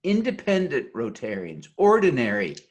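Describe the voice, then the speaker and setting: A man's voice: mid-range voice, huge pitch swings, moderate pace. A man giving a motivational conference talk over a video call, earnest and leading the audience in an oath. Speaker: keynote speaker.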